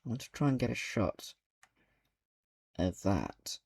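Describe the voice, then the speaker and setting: Slow, gravelly British man musing aloud. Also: fairly low pitch, sing-song, a little mellow, dry recording. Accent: British English. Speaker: gaming video creator. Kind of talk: casual gameplay commentary.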